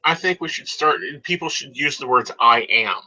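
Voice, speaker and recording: A man's voice: mid-range voice, normal speed, sharp tone. A man co-hosting a live psychic talk show, speaking emphatically and confidently. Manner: emphatic, confident, calls people honey. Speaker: psychic co-host. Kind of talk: casual chat on a live show. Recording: dull lo-fi audio.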